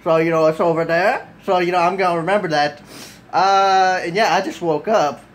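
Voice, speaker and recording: A man's voice: high-pitched, fairly even intonation, normal speed, poor audio. A man rambling through a casual vlog at home right after waking up. He swears freely, keeps sidetracking himself and leans on "like" and "you know". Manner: rambling, loose and profane, full of "like" and "you know"; self-mocking and easily sidetracked. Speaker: vlogger. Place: at home at his desk, just woken up. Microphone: camera mic off to the side.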